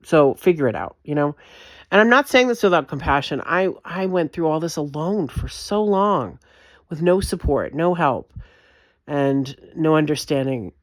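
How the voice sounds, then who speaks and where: A woman's voice: low voice, expressive, moderate pace, no echo, studio quality. Fervent woman ranting straight to camera. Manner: fervent, emphatic, repetitive, swears freely. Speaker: vlogger. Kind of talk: impassioned monologue rant.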